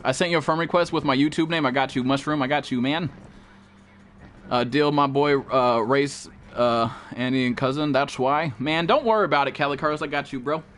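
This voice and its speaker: A man's voice: medium pitch, a little fast, fairly bright tone, slight background noise. A man live-streaming a game, chatting casually and profanely with viewers and greeting them by name.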